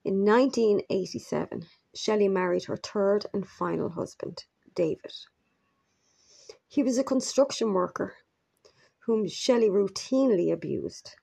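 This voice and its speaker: A woman narrating a true crime story in a measured, grave manner with brief asides. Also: mid-range voice, creaky, a little mellow, slightly rough.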